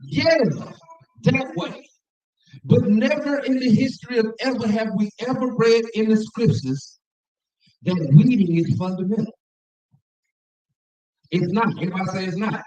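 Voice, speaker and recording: A man's voice: high voice, measured pace, pauses often, a little mellow. A man teaching a Bible class, reading aloud and commenting, with calls for the class to repeat after him. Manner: reads aloud and comments, call-and-response. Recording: roomy, distant, dull sound.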